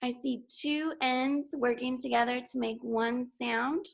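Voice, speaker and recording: A woman teaching a phonics lesson to young children, speaking clearly and encouragingly as she sounds out words letter by letter. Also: a little high, little pitch movement, a little slow. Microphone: recorded for school TV.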